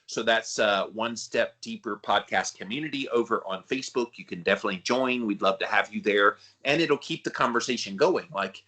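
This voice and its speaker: Southern man with a bright, forceful voice. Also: lowish voice, a little fast, hardly any pauses. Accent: Southern US, South Carolina. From South Carolina. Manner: friendly, chatty, lots of fillers. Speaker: podcast co-host. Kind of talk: casual podcast chat.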